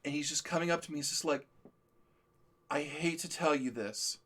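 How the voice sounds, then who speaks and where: A man co-hosting a stream, telling stories in a casual chat, animated, often laughing and acting out what people said. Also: fairly high pitch, normal speed. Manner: animated storyteller, laughs often, acts out quotes. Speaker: stream co-host.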